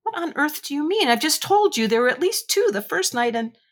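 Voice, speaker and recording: A woman's voice: big pitch swings, brisk. A woman doing a terrified young boy. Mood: indignant. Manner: high, panicky, near-screaming pleas. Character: frightened young boy, scared and pleading.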